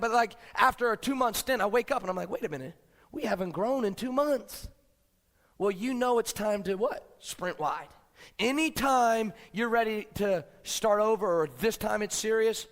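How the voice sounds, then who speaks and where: A man giving a fired-up motivational business speech, swinging from low, quiet lines to shouting. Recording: long hall reverb.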